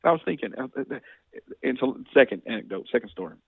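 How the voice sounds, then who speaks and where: A man's voice: medium pitch, expressive, quick pace, vocal fry, husky, no room sound. A man in his forties, a state legislator and guest, telling stories earnestly with frequent restarts over a tinny phone line. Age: 40s. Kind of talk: casual interview, storytelling.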